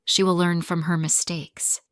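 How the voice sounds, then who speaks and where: A woman reading the calm, reassuring words of a female best friend in a graded story. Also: fairly low pitch, measured pace, no room sound, studio quality, lightly acted.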